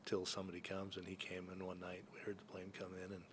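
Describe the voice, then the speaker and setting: Low steady guy telling hunting-trip stories on a podcast, lots of ums and restarts, kinda monotone. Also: fast, slight background noise. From Northern California. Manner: rambling, with many fillers and restarts. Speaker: guest, entrepreneur and hunting guide. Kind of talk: casual storytelling in a podcast interview.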